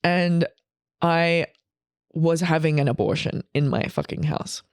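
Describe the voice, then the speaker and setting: A woman in her forties, a comedian appearing as a podcast guest, tells a long personal story in a candid, chatty way, rambling and emotional, swearing often and restarting her sentences. Her voice is low, steady, and unhurried. The sound is clean, echo-free, and studio quality.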